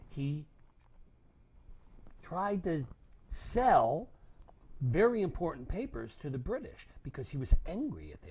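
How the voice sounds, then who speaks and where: Older male storyteller for kids, lively pitch swings, slightly husky, dramatic delivery. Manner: animated, dramatic, with acted voices and whispers. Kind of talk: storytelling to children.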